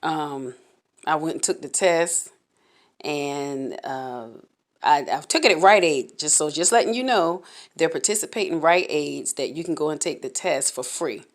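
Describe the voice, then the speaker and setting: Woman, low deep voice, personal vlog storytelling, candid, halting. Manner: candid, halting, repeats words while telling her story. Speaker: vlogger.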